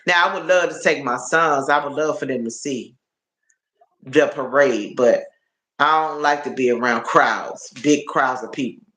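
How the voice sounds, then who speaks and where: A man's voice: medium pitch, unhurried, sharp tone, roomy sound. A man hosting a casual live stream, chatty and tired, repeating himself and calling his viewers y'all. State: tired and achy. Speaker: livestream host.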